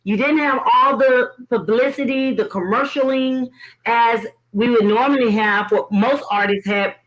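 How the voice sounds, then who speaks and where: A woman's voice: fairly high pitch, a little slow, a bit bright, poor audio. A woman interviewing a member of her ministry, affirming and praising her, with hesitant fillers. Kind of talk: warm praising interview talk.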